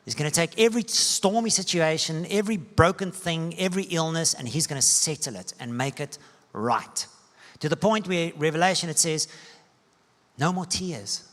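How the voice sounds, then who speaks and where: A male pastor delivering a sermon in a church hall, his slightly high voice carried by a long reverb. He tells stories with dramatic lifts in pitch and volume, then drops to hushed tones. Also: moderate pace. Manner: storytelling preacher with sweeping rises and soft dips.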